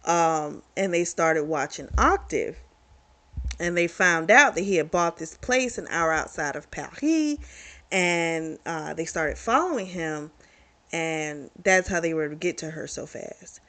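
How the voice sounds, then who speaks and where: A woman's voice: low-pitched, lively intonation, unhurried, a bit bright. A woman casually recapping a romance novel's plot as a book reviewer, chatty and candid, with free swearing.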